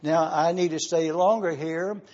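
A man preaching an expository sermon, slowly spelling out Greek words letter by letter as he teaches. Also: fairly high pitch, fairly even intonation, a little mellow, lo-fi sound.

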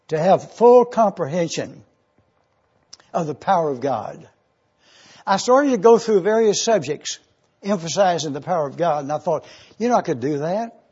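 A man's voice: sits high, darkish tone, husky, muffled recording. A man preaching an evening sermon, teaching from scripture and stretching out key words for emphasis. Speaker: pastor.

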